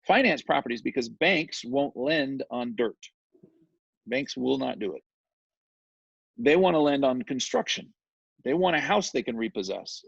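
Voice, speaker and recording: Male interview guest, gravelly, animated storyteller, dull lo-fi dry recording. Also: mid-range voice, measured pace, pauses often, no echo. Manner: animated, chatty, often asks "right?". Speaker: guest, real estate developer.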